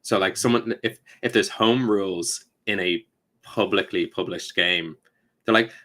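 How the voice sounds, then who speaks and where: A man talking casually on a podcast about tabletop gaming. He is animated, keeps dropping into quick quoted voices, laughs mid-sentence and swears now and then. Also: low voice. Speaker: podcast co-host.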